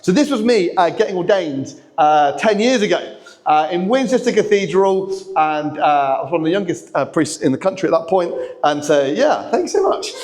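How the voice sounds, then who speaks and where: A man, preaching a lively, chatty sermon that draws in the kids in a church hall. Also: high-pitched, normal speed. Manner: lively, chatty, talks to the kids, acts out lines. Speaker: pastor.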